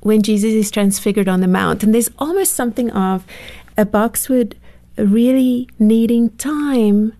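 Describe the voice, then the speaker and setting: A woman with a soft, relaxed tone speaks as a guest expert on a faith-based parenting talk show. She explains things with vivid everyday examples and laughs readily between points. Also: a little high, measured pace.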